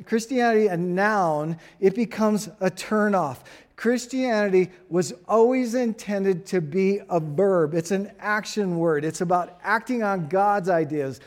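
A man preaching as pastor, earnest, putting rhetorical questions to his congregation and dropping into soft, quiet asides. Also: fairly high pitch. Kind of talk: sermon.

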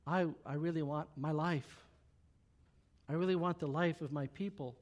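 A man voicing a gracious young queen who coaxes and pleads softly in a retold Bible story. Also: fairly high pitch, moderate pace, voice pushed down, close to an everyday voice. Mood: pleading.

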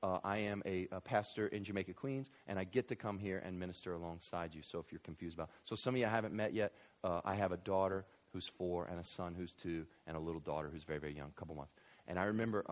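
A man in his thirties, a pastor preaching a sermon in an animated, conversational way, with asides and fillers. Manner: animated preaching with big swings in loudness and pitch. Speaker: visiting pastor.

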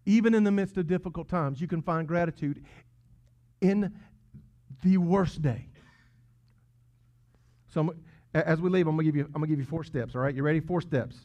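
A man preaching a sermon, earnest and emphatic, swinging between loud peaks and hushed asides. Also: a little high, moderate pace, pauses often. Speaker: pastor. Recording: dull lo-fi sound.

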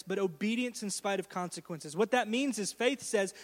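A man in his thirties delivers an earnest, storytelling sermon with emphatic stresses. His voice sits high for a man. The sound rings out with a long reverb, as in a large church hall. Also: moderate pace, few pauses. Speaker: pastor.

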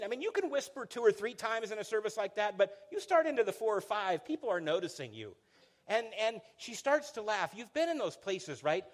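A middle-aged man preaching a sermon in a conversational storytelling way, often repeating words as he starts a phrase and sinking low and quiet on solemn lines. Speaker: pastor.

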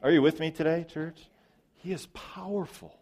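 A man preaching a sermon as pastor, emphatic, with loud stresses, quiet drops and repeated words. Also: on the high side, moderate pace.

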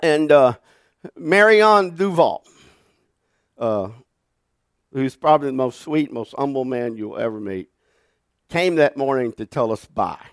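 A man, preaching as a pastor and telling a funny story in a folksy, animated way. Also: medium pitch, unhurried, pauses often, smooth, dry recording, clean studio sound. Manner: folksy, animated storyteller who laughs through his stories. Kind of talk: sermon with storytelling. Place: church sanctuary.

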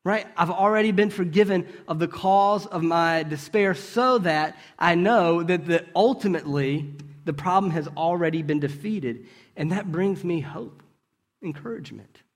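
Male preacher, conversational sermon, slightly high voice, rhetorical questions and asides. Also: moderate pace. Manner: asks rhetorical questions and checks in with "right?"; storytelling with brief restarts.

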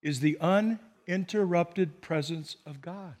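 A male pastor preaching a sermon, telling stories in an animated way with repetitions and asides. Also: a little high, takes it slowly. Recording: long hall reverb.

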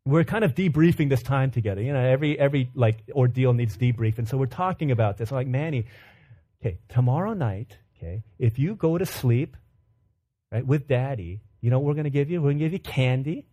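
A man in his thirties preaching a sermon, telling a family story with animated, humorous retellings. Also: mid-range voice, brisk. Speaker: pastor.

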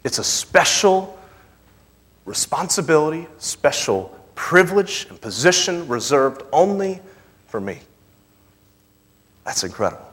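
A young man preaching a sermon, moving between loud, emphatic scripture reading and soft, intimate asides. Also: a little high, sing-song, unhurried, pauses often. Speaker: pastor. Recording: long reverb of a large hall.

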